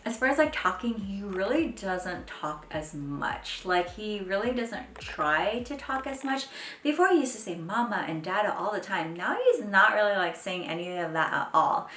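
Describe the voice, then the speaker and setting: A young woman chatting casually to camera as a mom vlogger, full of "like" and "um", with pitch jumping up when she mimics her kids. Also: animated, moderate pace, fairly bright tone. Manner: chatty, fills speech with "like" and "um". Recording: echoey home room, faint background noise.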